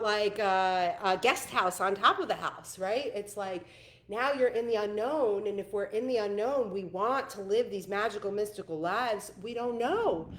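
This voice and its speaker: A woman's voice: medium pitch, a bit bright. A woman in her thirties hosting a casual coaching call, earnest and emphatic, laughing often. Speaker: host, spiritual coach.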